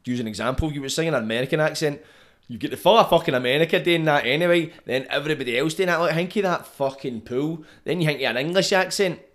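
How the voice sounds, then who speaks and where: A man's voice: a little high, quick pace, a bit bright. A Scottish man hosting a podcast, talking bluntly and conversationally with plenty of swearing. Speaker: podcast host. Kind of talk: casual podcast chat.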